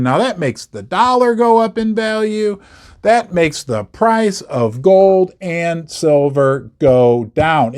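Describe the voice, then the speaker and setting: A man's voice: fairly high pitch, a little mellow. A man hosting a commentary video on the metals markets, talking emphatically, repeating words for effect and dropping sarcastic asides. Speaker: investment video host. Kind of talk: scripted commentary to camera.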